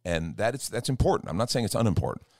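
A pastor with a very low, deep voice chats in an earnest, storytelling way. He acts out little quoted exchanges as he goes, and the sound is dry and close. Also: very animated, quick pace, gravelly, no room sound. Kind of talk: casual chat. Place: church.

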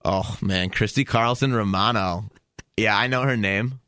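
Bright, dry-sounding man, chatty storyteller, rambling with fillers. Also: lowish voice, measured pace, no room sound. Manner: rambling anecdote with many fillers. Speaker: podcast guest, producer. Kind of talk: casual chat, storytelling.

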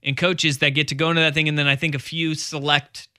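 A man's voice: on the high side, little pitch movement, quick pace, pushed and bright, clean tone, dry recording, studio quality. A man co-hosting a casual sports talk show, enthusiastic and rambling with fillers. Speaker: co-host. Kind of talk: casual banter.

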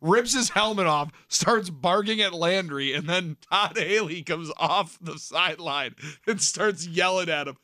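A brash, wisecracking man co-hosting a podcast, with a bright, forceful voice. His pitch sits a little high for a man. The sound is dry and close to the mic. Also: unhurried, few pauses, no room sound. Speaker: podcast co-host. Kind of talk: casual chat.

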